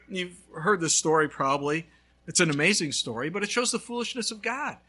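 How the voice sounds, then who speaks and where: A male pastor preaching a sermon, telling a story with lively swings between loud and hushed. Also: sits high, brisk, slightly rough.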